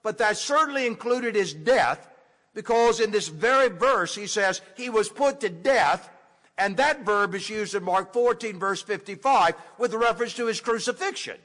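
A man preaching an expository sermon, teaching deliberately and leaning hard on key words. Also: high-pitched, fairly bright tone. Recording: echoey hall with long reverb.

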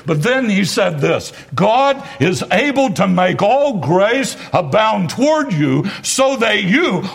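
A man's voice: high voice, gravelly, a bit bright, slightly rough. A man preaching a sermon as pastor, driving points home with emphatic repetition and wry asides.

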